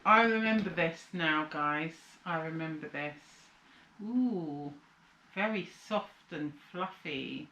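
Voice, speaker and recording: A woman's voice: low voice, slow pace, pushed and bright, echoey room, dull audio, a little hiss or hum. A woman from the UK chatting casually through a haul vlog, sounding tired and rambling, with a slight cold coming on. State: slight cold, sucking a lozenge. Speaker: vlogger. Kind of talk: casual chat.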